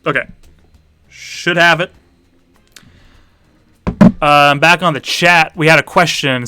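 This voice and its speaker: A man hosting a livestreamed party game for his students, casual and deadpan. His voice sits a bit high with a bright, forceful tone. It is close-miked in a dead, dry space with faint music underneath. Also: a little slow, long pauses, no echo. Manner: dry, offhand asides while setting up.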